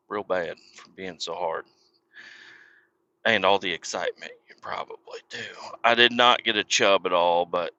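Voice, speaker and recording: A man's voice: on the low side, pushed and bright. A man hosting a podcast, telling a rambling, profane story about his day in casual talk. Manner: profane, rambling, swears constantly. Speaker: podcast host. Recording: dull lo-fi, dry.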